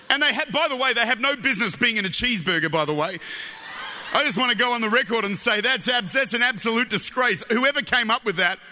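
A man with an Australian accent preaches in a big church hall, and his voice rings back with a long reverb. His voice sits very high and sounds intensely bright. He mixes jokes with passionate, shouted appeals. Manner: humorous, animated, building to shouted fervor. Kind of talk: sermon.

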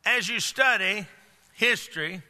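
An older man preaching a sermon, swinging between loud outbursts and low hushed lines. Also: a little slow. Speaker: pastor. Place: large church hall. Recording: long hall reverb.

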